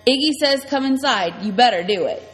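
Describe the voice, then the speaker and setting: A woman's voice: fairly high pitch, expressive, brisk, natural voice. A woman voicing a scrawny, nosy chain-smoking woman who talks out of the side of her mouth. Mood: wheedling. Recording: long reverb, faint music.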